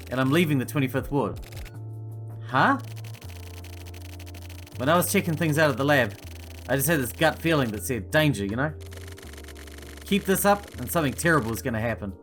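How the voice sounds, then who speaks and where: A man's voice: medium pitch, fairly bright tone, close to an everyday voice. A man reading game dialogue aloud as a chatty, laid-back male agent with a casual, rambling way of talking. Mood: uneasy. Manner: casual, rambling, filler-heavy. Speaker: game reader voicing characters.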